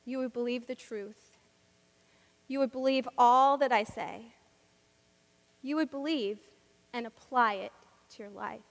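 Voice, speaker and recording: Lady preacher doing a soft pleading teacher guy, high bright voice, echoey hall. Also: a little slow, pauses often. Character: grown man, patient loving teacher.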